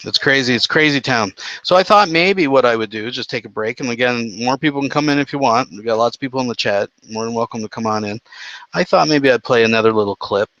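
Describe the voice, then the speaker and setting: A Canadian livestream host gives casual, rambling commentary, swearing freely and constantly restarting sentences. His medium-pitched voice is fast and fairly bright with no room sound, though the stream audio is dull and lo-fi.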